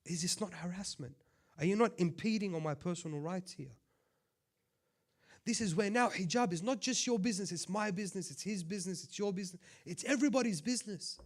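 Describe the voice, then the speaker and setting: A man who is a sheikh giving a conversational sermon, swinging between loud impassioned appeals and quiet asides. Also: sits high, animated, a little fast. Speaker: sheikh giving a religious talk.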